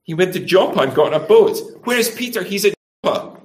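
Lively, animated male preacher. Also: high voice, fast. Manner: asks the congregation many rhetorical tag questions; acts out quoted speech in changing voices. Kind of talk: sermon.

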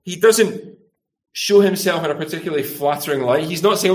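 A man's voice: a little high, a little fast. A middle-aged man preaching a sermon, asking the congregation rhetorical tag questions and acting out quoted speech. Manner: acts out quoted speech in changing voices.

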